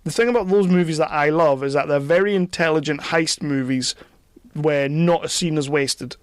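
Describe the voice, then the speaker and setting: A man's voice: fairly high pitch, moderate pace, dry recording. Chatty guy reviewing films. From Britain. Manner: chatty, opinionated, repeats words when starting sentences. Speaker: podcast host. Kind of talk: casual film review chat.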